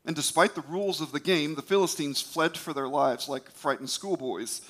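A man's voice: fairly high pitch, moderate pace, a bit bright. A man retelling a scripture story with emphatic, dramatic phrasing and the odd stumble. His voice sits a touch above the usual for a man, and he leans into key words.

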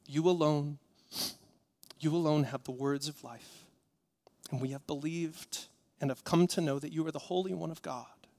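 A man preaching a sermon as pastor, earnest and rhythmic, moving from hushed, slow phrases to impassioned, rising appeals. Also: on the high side, fairly even intonation.

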